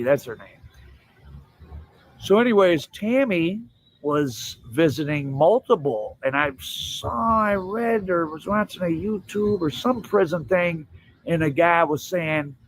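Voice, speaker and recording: A man's voice: fairly high pitch, a little hiss or hum. A man hosting commentary in a casual, rambling and hesitant way.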